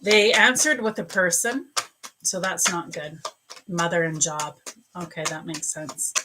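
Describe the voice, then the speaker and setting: A woman's voice: fairly low pitch, fairly even intonation, a little slow, heavy background noise. A woman hosting a live stream as a psychic reader, chatting and greeting viewers by name between angel card readings.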